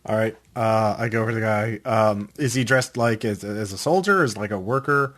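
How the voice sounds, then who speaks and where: A man playing a tabletop game, calm and firm as his character. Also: on the low side, brisk. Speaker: player. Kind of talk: casual tabletop game play.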